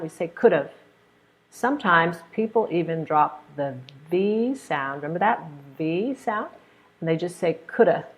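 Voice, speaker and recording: American woman teacher, kinda low and gravelly, talks real slow, models phrases and cheers students on. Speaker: pronunciation teacher. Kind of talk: online webinar lesson.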